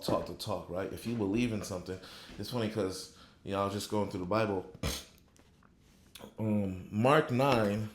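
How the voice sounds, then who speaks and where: A man giving a casual motivational talk on faith, punctuating nearly every phrase with "right?", reflective and then fervent. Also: fairly low pitch. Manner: unhurried and reflective, growing fervent when preaching. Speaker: motivational speaker. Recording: echoey room.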